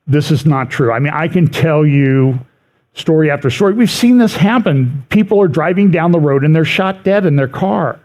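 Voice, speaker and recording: A man's voice: a little high, animated, normal speed, a little mellow. A middle-aged man giving a conversational church prophecy update, reading quotations aloud and adding wry asides.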